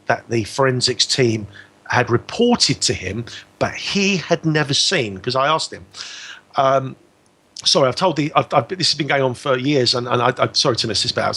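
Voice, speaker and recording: A man's voice: mid-range voice, gravelly, sharp tone, husky. A man telling a personal story as a guest on a radio talk show, acting out both sides of the exchange.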